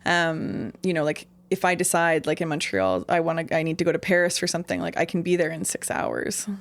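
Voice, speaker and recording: Woman, from Canada, interview guest, rambling anecdotes, gravelly. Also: low-pitched, brisk, no echo. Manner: rambling storytelling, many fillers. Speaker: interview guest, singer-songwriter. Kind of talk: casual interview chat.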